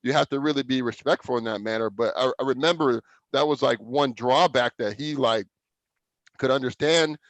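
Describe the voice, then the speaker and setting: A man's voice: mid-range voice, normal speed, no echo, low-quality recording. Laid-back podcast host man, dry sound. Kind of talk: casual podcast interview.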